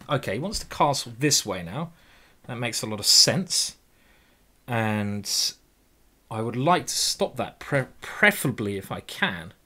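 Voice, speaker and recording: A man's voice: medium pitch, fairly bright tone. Chatty English man thinking aloud. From England. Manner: chatty, jokey, thinks aloud over moves, swears casually. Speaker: chess grandmaster streamer. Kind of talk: live chess commentary.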